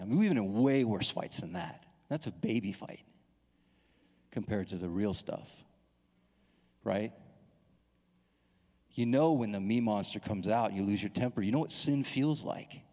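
In a church hall with long, lingering reverb, a pastor in his thirties shares a personal story in his sermon. His voice is on the low side and unhurried, with long pauses, and he performs the characters' lines in lively storytelling fashion.

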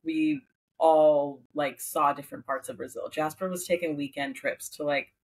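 Young woman, husky voice, lowish pitch, animated rambling chat, casual swearing. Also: normal speed, rough recording. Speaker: guest, flight attendant.

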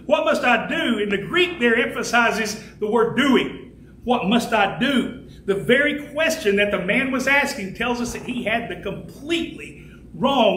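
A man preaching a fervent sermon as pastor, building to shouts and slowing down to stress key words. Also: sits high, slight background noise. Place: church sanctuary. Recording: echoey church room with faint ambience.

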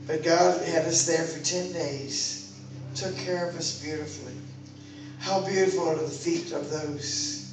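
A woman preaches with fervent, exhorting energy, her voice climbing to loud calls. The sound is heavily echoey and picked up from a distance, with music playing clearly behind her. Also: sits low, fairly even intonation, unhurried. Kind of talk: sermon. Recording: very echoey room, mic far off, music behind.

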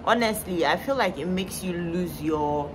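A woman's voice: lowish voice, expressive, normal speed, noisy background. A young woman, a guest chatting casually on a vlog with teasing asides. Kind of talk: casual chat.

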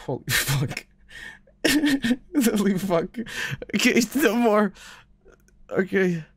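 A man's voice: high voice, sing-song, drawn-out words, husky, dry recording. A man casually commenting on a video game, often laughing and exclaiming at what happens on screen. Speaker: streamer. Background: game music.

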